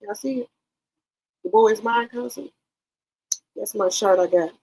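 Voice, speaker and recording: A woman's voice: mid-range voice, a little slow, darkish tone, husky, rough recording. A woman hosting a casual livestream, chatting brashly with her viewers and swearing freely. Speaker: livestream commentary host.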